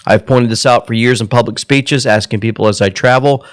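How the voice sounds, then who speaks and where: A man's voice: mid-range voice, steady tone, fairly quick. A man from Georgia hosting a commentary show. He speaks earnestly and emotionally, calls his listeners folks, and leads a prayer. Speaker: host.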